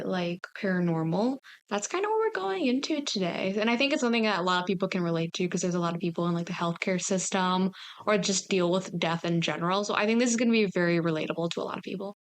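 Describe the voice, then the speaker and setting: A woman's voice: medium pitch, expressive, fast talker. Young female podcast host, chatty and giggly, casual delivery. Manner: giggly, chatty, laughs often.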